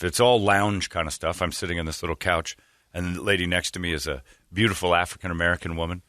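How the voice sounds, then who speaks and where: A man's voice: low voice, no echo, studio quality. A man hosting a radio show, telling a long rambling anecdote and quoting the people in it. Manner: rambling, animated anecdote with quoted voices. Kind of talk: storytelling on a sports radio show.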